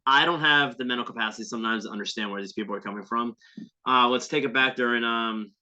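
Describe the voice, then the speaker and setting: A man's voice: medium pitch, fast, sharp tone. A man hosting a podcast, delivering heated, profane, sarcastic commentary on a viral video clip. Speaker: podcast host. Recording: dull lo-fi sound.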